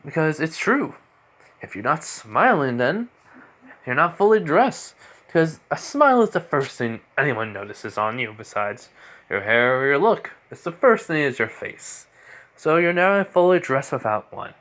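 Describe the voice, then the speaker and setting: A man's voice: on the high side, big pitch swings, normal speed, fairly bright tone, pitched above the performer's own voice. A teenage boy voicing a young demon showman with a radio host's charm, theatrical and drawn out.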